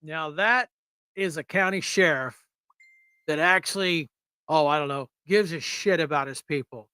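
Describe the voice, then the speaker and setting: Host from Erie, Pennsylvania: male, blunt, rambling, slightly high, smooth close-miked voice, very dry sound. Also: a little slow, bright, forceful tone, no echo. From United States. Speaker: show host. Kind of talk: casual political livestream talk.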